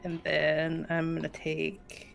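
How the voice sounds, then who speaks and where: A woman playing a tabletop game, describing her moves slowly and deliberately. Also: low voice, completely flat delivery, gravelly, soft background music. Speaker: player. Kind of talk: casual tabletop game chat.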